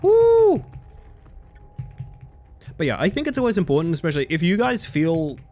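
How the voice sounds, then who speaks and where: A man's voice: a little high, sing-song, quick pace, a little mellow. Chatty man rambling on a live stream. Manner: rambling, full of "like" and "you know". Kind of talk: casual live-stream chat.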